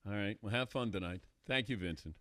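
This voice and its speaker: A man hosting a sports talk radio show, relaxed and dryly teasing with his guest. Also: on the low side, a little fast, no room sound.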